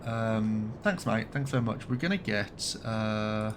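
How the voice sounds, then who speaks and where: A man from Birmingham, England talks slowly in a lowish voice while live-streaming a game, chatting casually and sometimes swearing. His Birmingham accent is light. The background is noisy.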